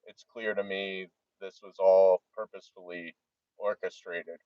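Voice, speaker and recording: A man's voice: low-pitched, level tone, unhurried, no room sound. Profane rambling man with a Jersey accent. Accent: New Jersey. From New Jersey. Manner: heavily profane, rambling, trailing off. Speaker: vlogger. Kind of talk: rambling monologue to camera. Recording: dull lo-fi dry recording.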